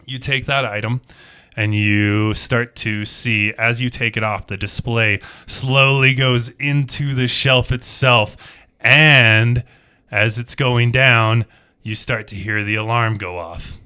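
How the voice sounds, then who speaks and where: A man running a tabletop game as game master, narrating the scene in a dramatic, animated way. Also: medium pitch, slow pace, clear, resonant tone. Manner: dramatic, animated storytelling with second-person narration.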